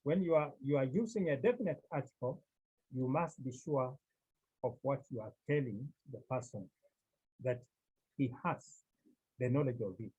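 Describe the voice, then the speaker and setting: A man teaching a Greek class, explaining slowly and repeating key phrases for his students. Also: medium pitch, a little mellow, breathy edge, highs cut off. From Cameroon. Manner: slow, repetitive explaining. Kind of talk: classroom lecture.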